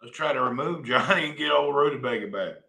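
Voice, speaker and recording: Folksy man, bright voice. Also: mid-range voice, animated, quick pace, vocal fry. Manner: folksy, joking, reads viewer comments aloud. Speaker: livestream host. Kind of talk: casual livestream chat. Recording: echoey room.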